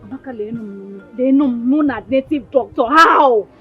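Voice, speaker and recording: A woman's voice: on the high side, normal speed, lightly acted. An actress with a Nigerian accent playing a frightened, angry young village woman. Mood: upset. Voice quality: frustrated, pleading. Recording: dull film audio with loud music.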